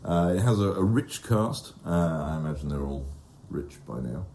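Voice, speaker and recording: A man co-hosts a podcast with a dry, deadpan delivery. His voice sits fairly low. The tone is dark and mellow. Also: moderate pace. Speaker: podcast co-host. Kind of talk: casual chat.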